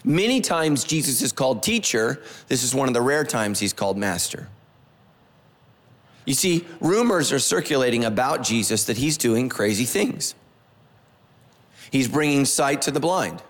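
A man's voice: medium pitch, very animated, moderate pace, big-room sound. A male pastor giving a conversational sermon, repeating phrases and asking the congregation questions. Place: church sanctuary.

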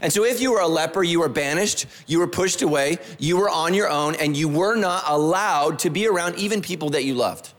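A man's voice: on the high side, a little fast, few pauses, a bit bright. Man preaching a sermon, hall echo. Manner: conversational preaching with repeated phrases, asks the congregation questions. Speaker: pastor. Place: church sanctuary.

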